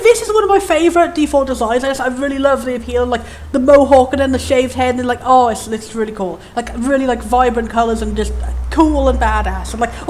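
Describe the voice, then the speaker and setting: A young woman giving chatty, enthusiastic and opinionated commentary as she plays a game. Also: high voice. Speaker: let's play host.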